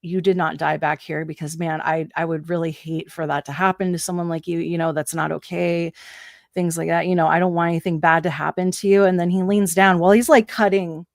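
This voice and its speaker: An American woman with a fairly low voice tells a wild work story in casual talk. She swears freely and leaps up in pitch whenever she acts out what someone said. The sound is dry and close. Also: brisk, no echo. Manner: animated, profane, acts out quotes with big pitch jumps. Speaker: guest.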